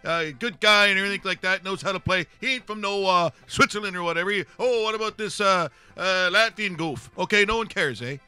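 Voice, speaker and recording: A man's voice: sits high, a little fast, hardly any pauses, bright, forceful tone, smooth, soft background music, voice pushed up. A man putting on a brash, ranting older hockey pundit who tags his lines with "eh" and won't be interrupted.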